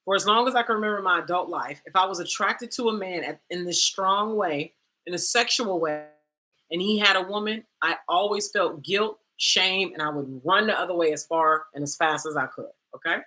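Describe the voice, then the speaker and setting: Bright-voiced, animated woman coach. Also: fairly low pitch, normal speed. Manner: animated and dramatic, slangy, calls the listener girl and baby. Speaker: coach and host. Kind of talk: candid personal storytelling to the camera.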